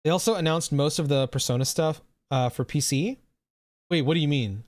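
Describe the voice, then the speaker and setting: A man's voice: on the high side, expressive, fairly quick, dry recording. A man streaming live, chatting casually and rambling, swearing freely and answering his chat.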